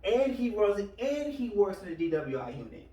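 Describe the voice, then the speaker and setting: A male podcast host with a high, sing-song, mellow voice chats casually at a moderate pace, rambling loosely and retelling stories with quoted voices. He's recorded off-mic, far from it, in a roomy, echoey space.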